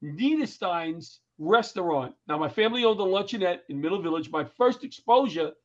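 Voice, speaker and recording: A man's voice: sits high, moderate pace. A middle-aged man, a comedian and firefighter who tells anecdotes in an interview and acts out the people in them. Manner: animated, acts out the voices in his anecdotes. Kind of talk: storytelling in an interview. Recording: dull lo-fi recording.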